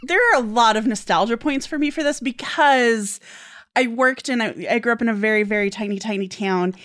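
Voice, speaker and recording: A woman's voice: fairly high pitch, fairly quick, a bit bright. A woman in her forties in a casual podcast chat, gushing and giggly.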